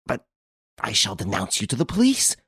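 A man's voice: animated, normal speed, gravelly, a little mellow, dry recording, studio quality, full character voice. A man voicing a vengeful woman who accuses her friend of murder, in an audiobook reading. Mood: indignant. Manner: furious, accusing, shifts from shrill to hissing.

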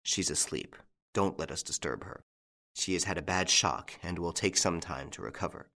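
A man's voice: lowish voice, very animated, normal speed, fairly bright tone, slightly rough, full character voice. A man voicing a shaken old male doctor in a storybook reading, pleading and agitated. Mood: hushed.

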